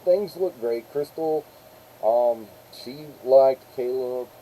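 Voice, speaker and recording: A man's voice: medium pitch, slow, dark tone, a little hiss or hum, low-quality recording. A middle-aged man, rambling through a casual story on a live stream and acting out the people he quotes.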